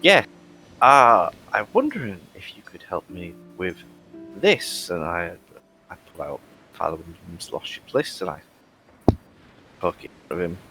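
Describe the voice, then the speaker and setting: A male tabletop player speaks in character with a jovial, theatrical air. His pitch swings widely, and he lingers over his words. Faint music can be heard in the background. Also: very animated, a little slow, long pauses, poor audio.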